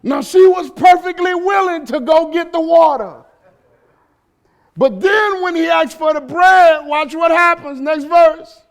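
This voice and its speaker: A man preaching a sermon as pastor in a church. He delivers it with animated shouting, humor and call-and-response questions to the congregation. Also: very high-pitched, unhurried.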